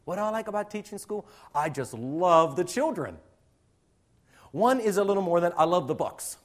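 A man's voice: high voice, very animated, normal speed. A middle-aged male teacher giving a conversational lecture to other teachers, acting out little classroom scenes as he goes.

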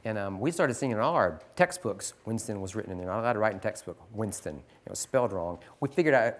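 This fortysomething man, a teacher, talks fast and expressively in a fairly low voice. Teaching other teachers, he's earnest and pleading, drawing on stories and reading scripture aloud.

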